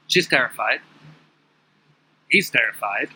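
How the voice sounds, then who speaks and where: A man being interviewed tells a story in a lively, conversational way, acting out the dialogue. He is sitting outside at his home. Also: mid-range voice, a little fast, a little hiss or hum, poor audio. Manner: animated, acts out quoted dialogue. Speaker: interview guest. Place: outdoor terrace at his home.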